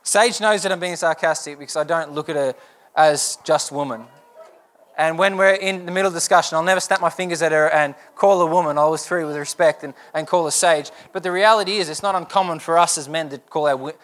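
A man's voice: fairly high pitch, fairly even intonation, a little fast, a bit bright. A young adult man preaching a sermon as pastor, asking earnest repeated rhetorical questions.

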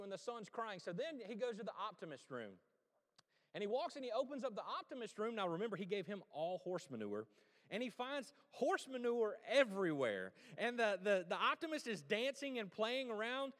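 A man's voice: high voice, normal speed, long reverb tail. A male pastor preaching a sermon, telling a story and asking his listeners questions. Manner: storytelling, animated, asks the crowd questions. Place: church sanctuary.

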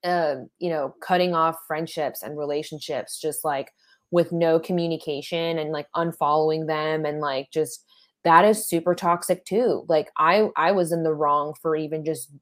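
A woman's voice: low-pitched, steady tone, moderate pace. A young woman co-hosting a podcast, rambling with many fillers. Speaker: podcast co-host. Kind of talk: casual podcast chat.

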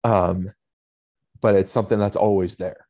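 Emotional low-voiced man, halting and candid. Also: fairly even intonation, dark tone. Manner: halting, candid, swears casually. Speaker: podcast host. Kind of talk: personal reflective monologue.

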